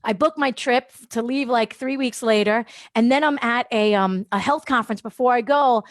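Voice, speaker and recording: Casting: animated woman storyteller, radio guest, a bit high, dry close sound. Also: moderate pace, no room sound. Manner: lively, laughs often, acts out quotes. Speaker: guest, holistic wellness practitioner. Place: radio studio.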